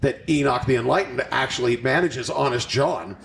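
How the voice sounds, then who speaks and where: A Southern Californian man, a wrestling promoter as guest, speaking in a halting way with frequent restarts. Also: medium pitch, creaky, slight background noise. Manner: halting, restarts, expressive reactions. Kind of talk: casual interview chat.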